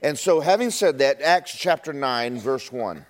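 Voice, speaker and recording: A man's voice: animated, a little slow, hardly any pauses. A man preaching a sermon and telling a personal story, stumbling over and repeating words as he talks. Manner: drops low and quiet for quoted speech.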